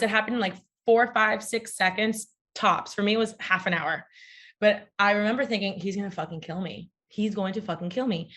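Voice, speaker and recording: A woman's voice: medium pitch, sharp tone. A young adult woman telling a personal story as a podcast guest, blunt, profane and sarcastic. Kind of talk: candid casual conversation.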